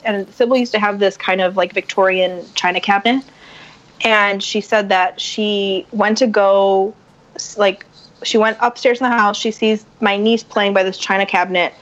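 A woman guest on a podcast, telling a story in casual talk and acting out what others said. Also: medium pitch. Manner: animated, acts out quotes. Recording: dull lo-fi sound.

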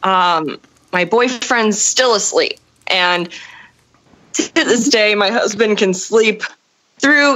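A woman telling a story in casual chat, animated and profane, acting out the people in it. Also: mid-range voice, slow pace, pauses often, rough recording. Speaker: storyteller on a podcast.

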